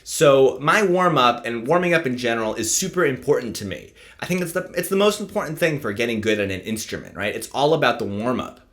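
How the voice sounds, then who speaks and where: A man teaching saxophone in a casual instructional video, explaining his practice routine in a relaxed way and often checking in with "right?". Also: medium pitch, fairly quick, few pauses.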